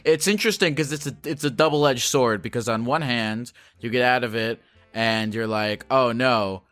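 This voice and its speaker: A man's voice: mid-range voice, normal speed, fairly bright tone, no room sound. A man hosting a casual call-in show, asking earnest, playful questions. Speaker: host.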